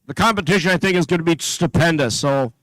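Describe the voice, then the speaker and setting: A man's voice: a little high, quick pace, fairly bright tone, dry recording, low-quality recording. A man announcing competing teams at an event, reading a list steadily with small slips and asides. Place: event venue.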